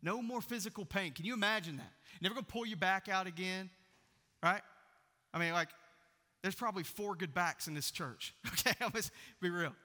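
A man, preaching a sermon in a church and swinging from loud proclaiming to hushed near-whispers. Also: high voice, normal speed, long reverb tail. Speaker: pastor.

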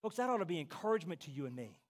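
A pastor preaching a sermon to his congregation, repeating key phrases for emphasis and dropping soft and low before rising to loud cries. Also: very animated, very fast.

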